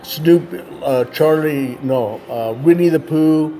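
A man earnestly retelling a story in a conversation, plainspoken and lively in the telling. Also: fairly high pitch, slow pace, a little hiss or hum.

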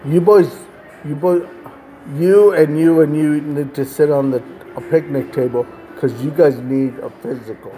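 A man's voice: on the high side, fairly even intonation, a little slow, mellow, lightly acted. A man voicing an earnest little girl who plays nurse, bossy and caring.

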